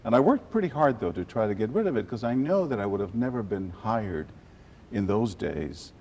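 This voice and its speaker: An older man from South Texas, an animated storyteller who drops Spanish phrases into his answers during an interview. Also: fairly low pitch, normal speed, a little hiss or hum. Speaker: journalist guest.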